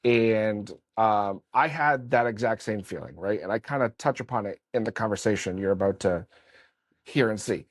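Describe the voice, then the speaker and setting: At normal speed and a fairly low pitch, free of room sound, a man in his late thirties hosts a podcast interview. He keeps the conversation loose and meandering, full of fillers and light, casual swearing.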